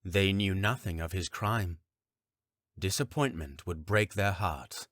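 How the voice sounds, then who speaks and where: Brief: deep-ish unhurried male audiobook narrator, dead dry studio sound. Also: no echo. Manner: calm, even, deliberate reading. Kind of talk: scripted fantasy narration.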